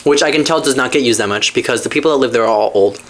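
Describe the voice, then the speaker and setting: A podcast host telling a personal story in casual chat, candid and profane, rambling with asides and swinging between low mutters and excited highs. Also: rapid-fire.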